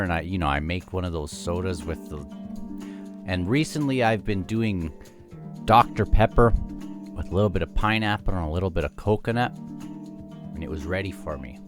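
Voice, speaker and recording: Low-voiced man chatting about books. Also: lively intonation, moderate pace, music in the background. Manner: rambling, chatty, with many restarts and fillers. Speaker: book discussion host. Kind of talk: casual chapter-by-chapter book discussion.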